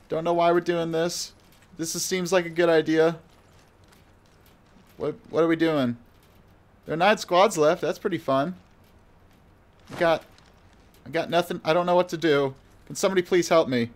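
A man's voice: a little high, fairly even intonation, measured pace, long pauses. A man giving live gameplay commentary in a rambling, flustered, self-mocking way. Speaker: gamer.

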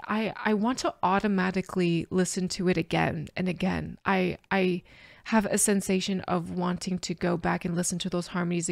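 A woman's voice: fairly low pitch, vocal fry, dry recording. Emotional woman reacting, dry close sound. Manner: overwhelmed and emotional, halting with restarts and soft laughs. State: teary after crying. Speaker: music reaction vlogger. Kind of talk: casual reaction commentary to camera.

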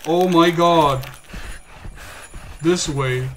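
A man streaming a horror game, cursing and yelling at the game in exasperation. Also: on the high side, lively intonation, measured pace, a little hiss or hum. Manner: swearing, exasperated outbursts at the game. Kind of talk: casual gameplay commentary.

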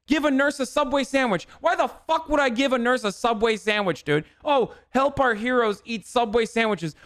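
A man's voice: very high-pitched, fairly bright tone. A man streamer ranting angrily about food delivery ads, exasperated and full of swearing. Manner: exasperated, profane, repeats himself. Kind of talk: angry rant on stream.

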